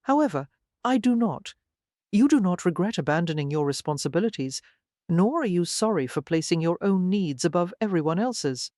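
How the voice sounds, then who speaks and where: A cold, bitter middle-aged mother, as a narrator puts her on, speaks crisply and with reproach. The storybook reading is dry and close. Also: mid-range voice, animated, moderate pace, a little mellow, dry recording, close to an everyday voice.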